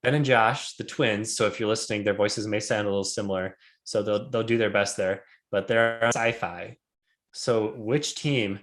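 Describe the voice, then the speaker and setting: A man's voice: fairly low pitch, steady tone, normal speed, fairly bright tone. Upbeat man moderating a podcast. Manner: upbeat, joking, steers the talk. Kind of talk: casual podcast chat.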